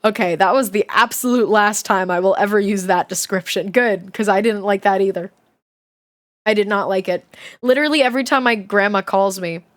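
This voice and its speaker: A woman's voice: mid-range voice, a little fast. A young woman streamer reading a children's book aloud, chatty and giggly, breaking off to comment and swear casually. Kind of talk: casual livestream reading and chat.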